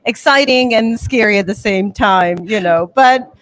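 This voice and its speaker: A woman's voice: fairly high pitch, unhurried, dry recording. A woman in her forties from Bosnia and Herzegovina, a new association president giving an earnest conference interview.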